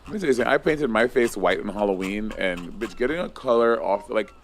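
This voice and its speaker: A man in his thirties with a lowish voice chats casually as a co-host. He tells rambling stories and swears freely. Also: fast, a little hiss or hum. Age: 30s. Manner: chatty storyteller, swears freely. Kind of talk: casual chat.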